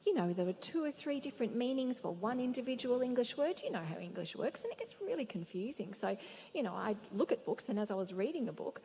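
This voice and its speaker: A woman interpreting for the panelists, speaking in an expressive, lively way on a festival stage. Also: a little high, quick pace, few pauses. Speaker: sign language interpreter voicing panelists. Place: main stage at a museum, before an audience. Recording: long hall reverb with faint room noise.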